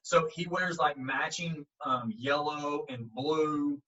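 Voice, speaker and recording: A man, a baseball coach, tells a story with a bright, forceful voice, acting out the quotes as he goes. His voice sits a bit high for a man. He's set back from the mic, and the audio sounds a little dull. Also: slow, recorded from a distance. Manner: animated, acts out quotes, frequent fillers. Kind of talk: casual storytelling in an interview.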